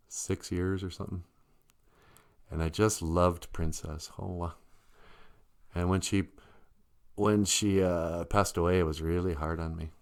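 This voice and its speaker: A man's voice: deep voice, clear, resonant tone. A male show host in rambling personal talk, emotional and trailing off with frequent laughs.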